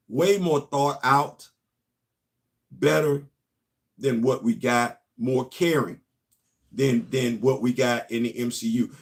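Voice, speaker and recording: A middle-aged man, hosting casual comics commentary, talking straight to viewers and often getting loud and excited. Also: mid-range voice. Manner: animated, talks straight to the audience, rising to loud exclamations. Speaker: host of a comics commentary channel.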